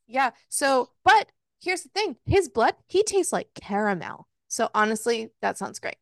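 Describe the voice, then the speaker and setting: A woman co-hosting a casual podcast, recapping a book in an exasperated, swearing, animated way and voicing the characters' lines. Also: a little high, measured pace, vocal fry, no echo, clean studio sound. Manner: swearing, exasperated, animated retelling with voiced quotes. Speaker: podcast co-host.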